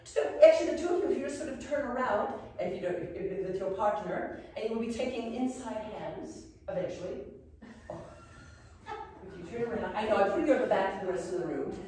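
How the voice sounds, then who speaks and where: Woman doing a living history etiquette lesson in character, prim but joking, lively up and down voice, really echoey room, picked up from far off. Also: mid-range voice, a little fast, slight background noise. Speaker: costumed interpretive guide playing an academy headmistress. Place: large echoey room with a class. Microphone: far camera.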